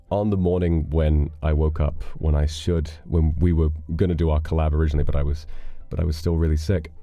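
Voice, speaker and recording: Deep voiced guy rambling on his stream, thanks donos, swears casually, low mellow tone. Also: no echo. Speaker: livestreamer. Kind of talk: casual stream chat reading donations.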